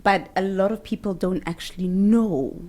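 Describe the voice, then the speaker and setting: A woman's voice: medium pitch, fairly even intonation, normal speed, darkish tone. A woman hosting a radio podcast interview, conversational and affirming, often answering "mm" and "I love that". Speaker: podcast host.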